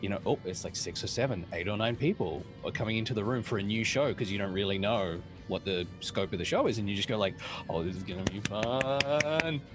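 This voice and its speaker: A man's voice: fast talker, few pauses, music in the background. A man chatting casually on a panel as a voice actor, laid back and joking. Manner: laid-back, joking, wide-ranging pitch.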